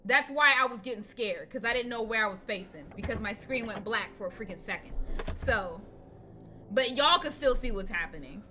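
A woman's voice: a little high, lively intonation, moderate pace, pushed and bright, a little hiss or hum. A young woman streaming a horror game, chatting casually with viewers, swearing, repeating herself and laughing often. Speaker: gaming streamer. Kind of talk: casual live-stream commentary. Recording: game music behind voice.

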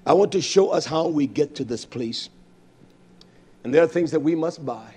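A man preaching a sermon, emphatic, swinging between loud bursts and low murmurs and asking his listeners direct questions. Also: moderate pace, husky. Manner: addresses congregation directly with questions.

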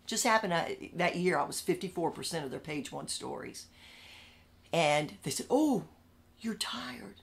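A woman recounts her story in a candid interview, her voice sitting a little low but bright and forceful. She is animated and emphatic, hammering phrases home, then sinking to hushed asides. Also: normal speed, creaky. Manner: animated storyteller, swinging between loud outbursts and hushed asides; emphatic, repeats phrases for punch.

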